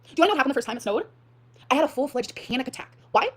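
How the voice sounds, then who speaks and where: A woman's voice: sits high, animated, rapid-fire, heavy background noise. A woman ranting dramatically in a vlog, swearing often and telling a heated personal story. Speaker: streamer in a clip being reacted to.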